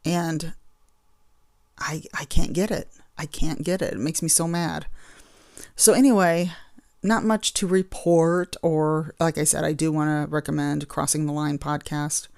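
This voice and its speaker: Gravelly-voiced woman podcast host chatting. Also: sits low, fairly even intonation, measured pace, darkish tone, dry recording, studio quality. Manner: rambling, chatty and easily exasperated. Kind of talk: casual chat.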